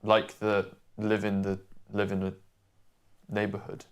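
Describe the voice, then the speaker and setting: A man's voice: lowish voice, monotone, unhurried, clean tone. A pianist hosting his livestream, muttering to himself and answering with hesitant, casual chat. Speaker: pianist and host of the stream.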